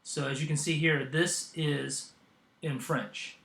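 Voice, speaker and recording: A man with a slightly high, gravelly voice walks through a software tutorial, stopping often for ums and uhs. He sounds like he is in an echoey room. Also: fairly even intonation, slow. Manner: hesitant, with frequent ums and uhs. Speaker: tutorial host. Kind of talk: screen-recorded software tutorial.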